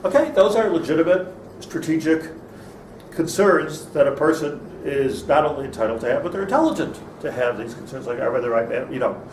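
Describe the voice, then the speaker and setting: A rabbi leads an interactive class, thinking out loud and quizzing his students, restarting often. His voice is slightly high, expressive, and a bit quick, recorded from a distance in an echoey room with faint background noise.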